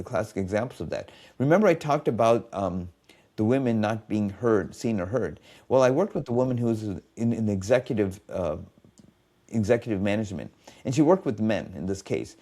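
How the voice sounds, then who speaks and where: Male podcast guest, mellow voice, lively swinging pitch, tells client stories and acts out the dialogue. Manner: animated storyteller acting out quoted dialogue. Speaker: guest, biofeedback specialist. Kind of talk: storytelling in a podcast conversation.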